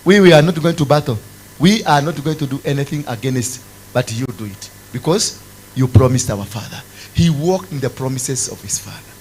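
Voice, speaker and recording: A man's voice: expressive, moderate pace, a little hiss or hum, low-quality recording. Fervent preacher man. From Kenya. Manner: fervent, swings from loud exclamations to low intense tones. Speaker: apostle preaching. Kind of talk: sermon.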